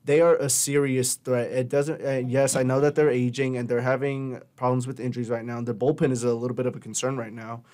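A man's voice: medium pitch, level tone, fairly quick, hardly any pauses, darkish tone. A young man co-hosting a casual sports talk show, rambling with many fillers and self-corrections. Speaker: radio show co-host.

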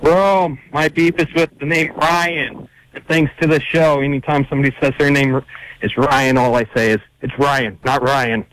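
A man's voice: on the high side, fairly even intonation, moderate pace, fairly bright tone, a little hiss or hum, rough recording. A man calling in to a talk show with a short, jokey rant. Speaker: caller.

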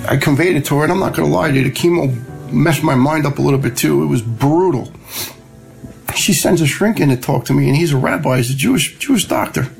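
A middle-aged man, telling a personal story in a plain, conversational way and quoting others in lively voices. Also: a little high, creaky, poor audio. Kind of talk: personal story told to a host.

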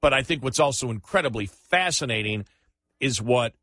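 A male talk radio host talks politics in a bright, pushy tone. He sounds incredulous and stammers into restarts. The studio sound is close and dry. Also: mid-range voice, lively intonation, normal speed, no room sound.

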